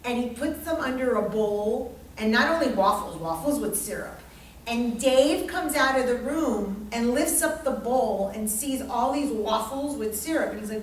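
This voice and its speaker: An astrology teacher leads a live workshop, animatedly telling stories and quoting people in their own voices. Her voice is on the high side at normal speed, heard from far off in an echoey room with slight background noise.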